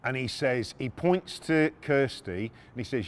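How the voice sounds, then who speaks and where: A man's voice: medium pitch, lively intonation, unhurried, long reverb tail. A middle-aged man hosting a podcast, telling a true story in a blunt, casual way, swearing freely and often restarting his sentences. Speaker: podcast host.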